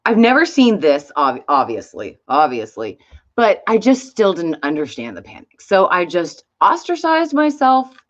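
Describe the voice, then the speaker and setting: A woman's voice: fairly low pitch, normal speed. Lady vlogging, swears a lot, voice bounces all over, kinda lo-fi sound. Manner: chatty, swears freely, animated retelling. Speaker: YouTube host. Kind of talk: casual vlog storytelling. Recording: slightly dull lo-fi sound.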